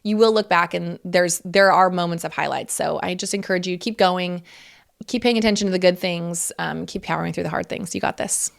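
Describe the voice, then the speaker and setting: A woman's voice: fairly low pitch, brisk, vocal fry. A woman in her thirties hosting a casual solo podcast, talking candidly and chattily, laughing often and swearing freely. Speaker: podcast host.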